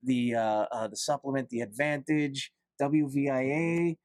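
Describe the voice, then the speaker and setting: A man's voice: mid-range voice, fairly even intonation, measured pace, darkish tone, no room sound. A man, a barber shop owner guesting on a podcast, talking with enthusiasm and rattling off lists. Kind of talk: casual podcast chat.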